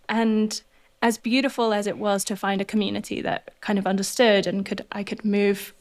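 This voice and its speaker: A woman with a posh southern English accent, a podcast guest talking in an earnest, animated way. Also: mid-range voice, normal speed. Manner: earnest, animated, laughs often. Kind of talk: reflective interview conversation.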